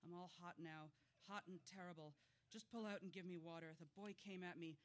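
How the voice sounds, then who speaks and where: A man's voice: high-pitched, fairly even intonation, a little fast, close to an everyday voice. A man performing a dying male gangster who rambles and pleads feverishly at an angel, in a dramatic poetry reading. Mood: pleading, raving.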